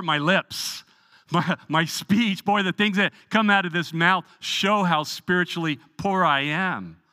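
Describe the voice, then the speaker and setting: Pastor, male, earnest and emphatic, restarts and repeats words while preaching. Slightly high, tense voice. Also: bright, forceful tone, big-room sound. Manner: earnest, emphatic preaching with frequent word repetitions. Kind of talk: Bible study sermon. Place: church sanctuary.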